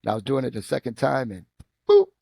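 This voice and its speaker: Animated Midwestern man telling stories. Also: quick pace, gravelly, breathy edge, dry recording. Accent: Midwestern American. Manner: animated storyteller, acts out quotes with rising pitch. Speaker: guest, former football player and coach. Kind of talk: casual storytelling interview.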